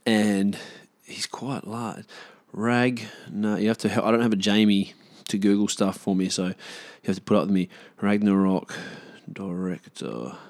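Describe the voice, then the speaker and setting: A man's voice: on the low side, fairly even intonation, a little slow, darkish tone, dry recording. A man talking loosely to camera in a casual vlog, rambling with slang and restarts. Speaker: vlogger.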